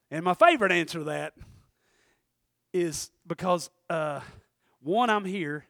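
A man's voice: high-pitched, lively intonation, slow pace, pauses often, sharp tone, no echo, studio quality. A man preaching a sermon in a loose, conversational way, laughing often and acting out quoted voices.

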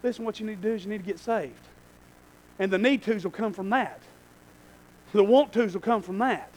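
A male pastor preaching a sermon in a church, swinging between shouted lines and quiet asides. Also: sits high, fairly quick, poor audio.

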